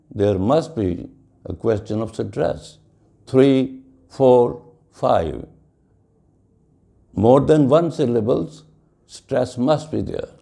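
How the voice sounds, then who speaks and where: Slow gravelly guy teaching english, spells words letter by letter, dark low tone. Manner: mixes Hindi with English. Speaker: English lecturer. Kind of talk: classroom lecture.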